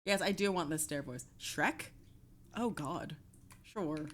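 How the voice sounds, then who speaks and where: A woman's voice: deep voice, slow pace. A young woman streaming, chatting casually with her viewers, swearing offhand and laughing often.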